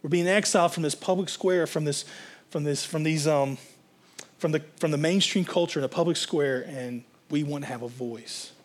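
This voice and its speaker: A young male pastor delivers a sermon in a relaxed, rambling way, full of ums and restarts. His voice sits slightly higher than most men's. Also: moderate pace. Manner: conversational, rambling with fillers and restarts.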